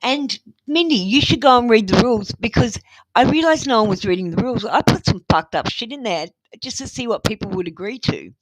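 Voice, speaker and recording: A woman's voice: fairly high pitch, animated, fairly quick, rough recording. A middle-aged woman with an Australian accent doing a live tarot reading, blunt, motherly and swearing freely. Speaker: tarot reader.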